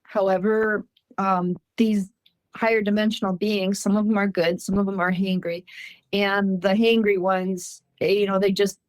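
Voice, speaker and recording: A woman from Minnesota earnestly recounting a personal encounter in casual storytelling, animated and laughing often. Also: medium pitch, normal speed, dry recording. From Minnesota, USA.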